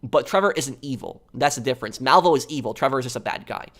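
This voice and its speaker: A young man talks through a casual live stream in a plain, middle-pitched voice. He rambles, restarts his sentences and fills every gap with ums and uhs as he answers viewers. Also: lively intonation, quick pace, a bit bright. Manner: rambling, many ums and uhs, repeats himself.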